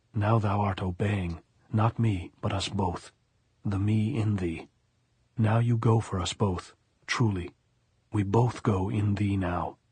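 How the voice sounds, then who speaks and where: A man reading the part of a calm, resolute wounded American man who speaks firmly and gently. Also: on the low side, breathy edge, no echo, exaggerated voice. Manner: calm and firm, gently commanding.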